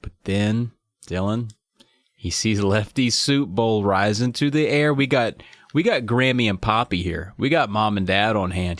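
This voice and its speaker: A man's voice: lowish voice, unhurried, dry recording. A man hosting a podcast, chatting casually and reading book passages aloud with enthusiastic comments. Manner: enthusiastic, swearing, reads passages.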